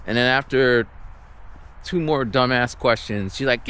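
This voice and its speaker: A man ranting and telling a story while walking outdoors, exasperated and animated. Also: medium pitch, a little slow, clear, resonant tone. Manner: exasperated, animated, acts out the people he quotes. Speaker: vlogger.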